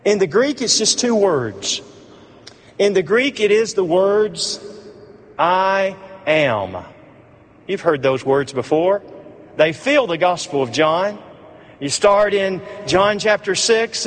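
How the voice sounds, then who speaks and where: A preacher with a high voice delivers a slow, emphatic sermon, hammering on repeated phrases and sometimes dropping low and soft. Every word trails a long reverb from a large hall.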